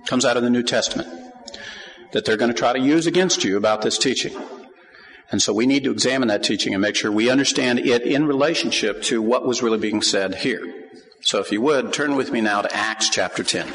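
A man preaching a sermon to a congregation. He reads scripture aloud, asks the listeners questions and rises to emphatic, animated peaks. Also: medium pitch, fairly quick. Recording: long hall reverb.

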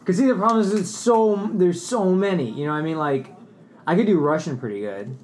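A man's voice: high voice, brisk, darkish tone, slight background noise. Rambling, hesitant man chatting. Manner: hesitant, rambling with many fillers. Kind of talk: casual chat.

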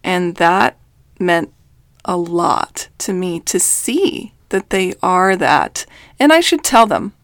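A woman's voice: fairly low pitch, animated, slow, no echo. Earnest woman coach, dry close sound. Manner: earnest, emphatic, with quoted voices. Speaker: life coach. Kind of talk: faith-based reflective talk.

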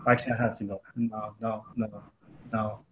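A man's voice: on the low side, flat delivery, brisk, dull audio, a little hiss or hum. A man co-hosting a podcast, laid-back and chuckling through a casual chat. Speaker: podcast co-host.

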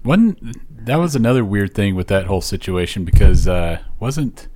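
Podcast guy, kinda low voice, lots of ums, dry jokes. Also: animated, normal speed, dark tone. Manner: hesitant, many fillers, dry humor. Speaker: podcast co-host. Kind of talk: casual podcast chat.

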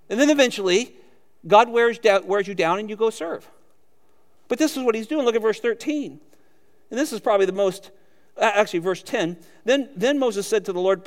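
A man's voice: high-pitched, expressive, fairly quick, in a large hall. A man preaching a sermon as pastor, animatedly acting out quoted lines and chuckling often.

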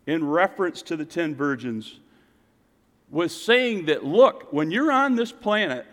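Guy preaching a sermon, kinda high voice, big swings loud to quiet, church hall echo. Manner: dynamic preaching, rising to loud exclamations and dropping to quiet intensity. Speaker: pastor. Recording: long reverb of a church hall.

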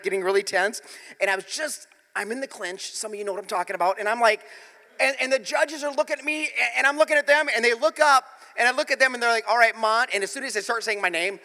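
A man preaching a sermon as pastor, telling a story with animated swings from hushed to loud. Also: high voice, fast, long reverb tail.

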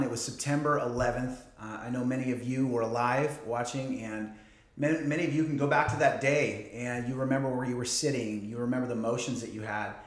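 A man's voice: mid-range voice, a bit bright. A man in his forties, a pastor giving a conversational sermon with joking asides and frequent fillers. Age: 40s. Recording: roomy echo.

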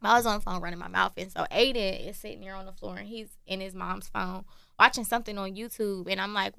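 A woman chatting casually and telling animated stories, full of laughs and acted-out quotes. Her voice is bright and clear, with a gravelly fry at the ends of phrases. The sound is dry and close. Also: medium pitch, fast, dry recording. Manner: animated storyteller, acts out quotes, laughs often. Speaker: podcast co-host. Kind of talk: casual chat.

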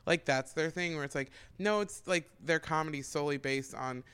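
A woman's voice: low-pitched, moderate pace, a bit bright, clear, resonant tone. A woman guest on a podcast, chatting frankly and joking about herself. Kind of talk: casual chat.

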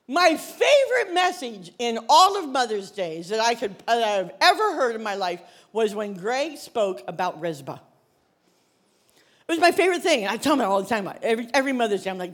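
A woman pastor preaching a sermon, telling a story with lively, casual acted-out dialogue. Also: high-pitched, fairly quick. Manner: animated storytelling, acts out biblical characters in casual modern speech.

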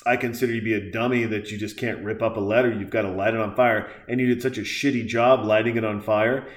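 A man's voice: on the low side, steady tone, quick pace. A man hosting a podcast, delivering a crude, heated and sarcastic rant as casual commentary. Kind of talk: profane ranting commentary. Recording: echoey room.

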